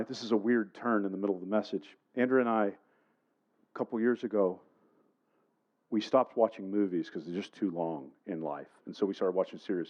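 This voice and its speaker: A man delivers a sermon in a relaxed, storytelling way, turning now and then to ask his listeners questions. His voice sits low, and the recording sounds dull and lo-fi. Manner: storytelling, conversational, addresses the congregation. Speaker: pastor.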